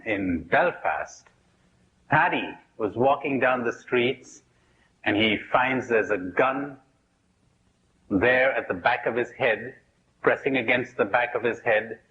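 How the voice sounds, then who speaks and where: A man's voice: mid-range voice, fairly bright tone, highs cut off, a little hiss or hum. A man leading a spiritual workshop, asking questions aloud and telling jokes in acted voices. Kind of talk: live workshop talk.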